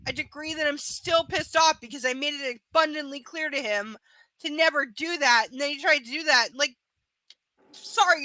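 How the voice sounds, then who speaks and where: A woman's voice: high-pitched, normal speed, pushed and bright, no room sound, poor audio. A woman hosting a live book reading, ranting heatedly with lots of profanity between passages.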